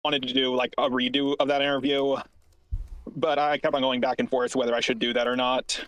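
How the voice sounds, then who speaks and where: A man on an archived call, rambling and halting as he explains himself defensively. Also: mid-range voice, little pitch movement, fairly bright tone, no room sound. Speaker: online creator in an archived call. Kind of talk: casual call conversation.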